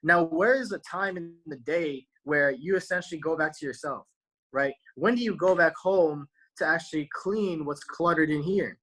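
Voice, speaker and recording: This motivational speaker talks to his viewers casually at a moderate pace, his voice slightly high and fairly bright. Slang runs through the talk, "right?" closes almost every point, and the recording quality is low.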